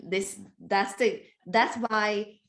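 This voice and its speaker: A woman with a middle-pitched voice explaining concepts in a casual podcast chat. She talks steadily and fills her sentences with "like". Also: drawn-out words, a bit bright. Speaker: co-host, teacher.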